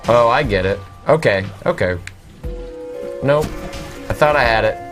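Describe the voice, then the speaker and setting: A man casually commenting on a game he plays, halting and full of "uh" and "um". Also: mid-range voice, animated. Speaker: video game show co-host. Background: game music.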